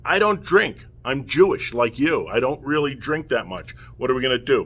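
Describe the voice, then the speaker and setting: Heated middle-aged man, forceful voice. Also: on the high side, sing-song, moderate pace, few pauses. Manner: heated and emotional, keeps asking "okay?". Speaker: father speaking out against family courts. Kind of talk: impassioned direct-to-camera rant.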